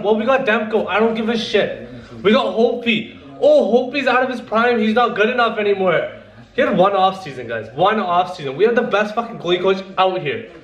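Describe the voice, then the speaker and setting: A young man vlogging casually, excitable and hyped, swearing a lot and repeating himself. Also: high-pitched. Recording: roomy echo, faint background noise.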